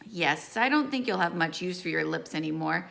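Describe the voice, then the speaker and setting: A woman voicing a cruel, taunting teenage girl fighter in an audiobook reading, with mocking, drawn-out taunts. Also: fairly low pitch, lively intonation, gravelly, fairly bright tone, full character voice.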